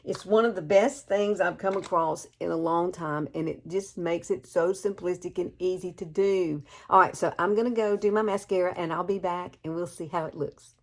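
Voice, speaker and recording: A woman's voice: fairly low pitch, fairly even intonation, moderate pace, hardly any pauses. A woman in her fifties from Alabama with a Southern accent, chatting folksily through a makeup tutorial and calling the viewer girl. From Alabama, USA. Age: 50s. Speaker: beauty vlogger.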